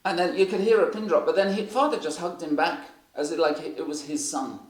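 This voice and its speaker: In an echoey church hall, a man with a somewhat high voice preaches a sermon built on storytelling. He speaks a little fast, telling rambling anecdotes full of fillers.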